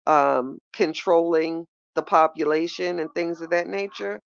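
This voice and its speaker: A woman with hosts a casual livestream, talking right to her viewers. She is animated and repeats phrases for emphasis, her voice smooth and resonant. The sound is dry and close, a little dull. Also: sits low, dry recording. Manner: animated, repeats phrases, talks straight to chat. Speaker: livestream podcast host.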